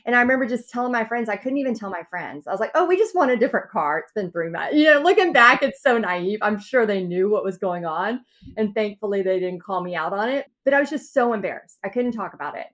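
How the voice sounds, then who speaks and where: A woman's voice: medium pitch, expressive, quick pace, a bit bright. A woman guest telling her own story in a podcast interview, acting out quotes with big swings in her voice.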